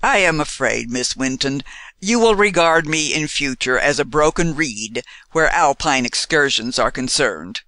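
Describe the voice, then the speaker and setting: A man voicing a polished, courteous gentleman with a foreign air and a faintly mocking manner in a storybook reading. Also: mid-range voice, expressive, unhurried, no room sound.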